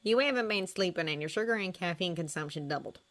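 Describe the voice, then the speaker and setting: A woman voicing an intense male doctor with an American accent, quiet and blunt. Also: on the low side, lively intonation, fast talker.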